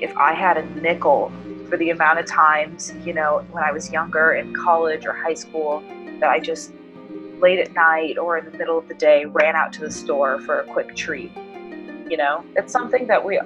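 A woman in her thirties, a doctoral student, telling a personal story in an interview in an earnest, measured way, pausing to choose her words. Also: sits low, lo-fi sound.

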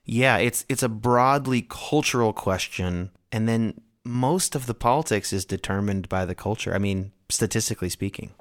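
A man with a low voice, speaking in a reflective, self-aware way. His tone is casual and conversational. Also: moderate pace, hardly any pauses. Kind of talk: casual chat.

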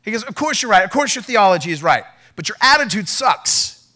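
Animated high-voiced male pastor preaching. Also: a little fast. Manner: animated preaching, acts out quoted dialogue, rising to shouts. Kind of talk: sermon.

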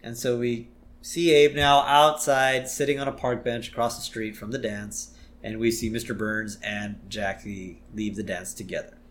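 A man's voice: on the low side, fairly even intonation, moderate pace, fairly bright tone. A man co-hosting a podcast, enthusiastic and giggly while recapping an episode in casual chat. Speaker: podcast co-host.

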